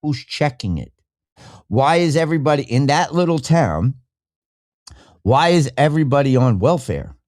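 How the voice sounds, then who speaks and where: A man's voice: medium pitch, normal speed, long pauses. A man hosting a podcast, ranting casually and swearing a lot while he thinks aloud and clicks through things. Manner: profane, animated, thinking aloud while browsing. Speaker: podcast host.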